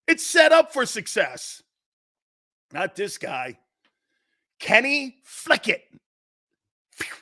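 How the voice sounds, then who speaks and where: A man hosting a sports talk show, shouting, taunting and laughing in a wildly excitable, mocking way. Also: very high-pitched, slow, pauses often.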